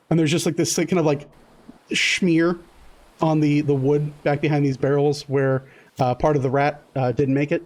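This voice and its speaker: A man running a tabletop game as game master, narrating in a loose, halting way full of fillers. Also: on the high side, little pitch movement, a little mellow.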